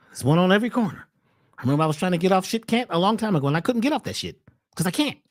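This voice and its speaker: A woman's voice: very fast, dry recording. Woman preaching at you, slangy and emphatic, voice jumps all over, dry close sound. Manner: rhetorical questions, animated swings in pitch and voice. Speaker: host, wellness speaker. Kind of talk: preachy monologue.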